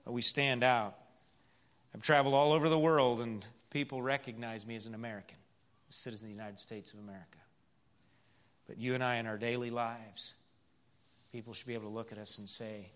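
Bright-voiced Southern man preaching. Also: mid-range voice, fairly even intonation, brisk, pauses often. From Missouri. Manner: earnest, swings from loud emphasis to hushed storytelling. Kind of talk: sermon.

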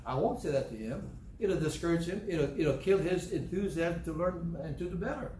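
A man's voice: fairly high pitch, moderate pace. Older male preacher, echoey room. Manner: animated storytelling, acts out quotes. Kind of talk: sermon. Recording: echoey room, faint background hum.

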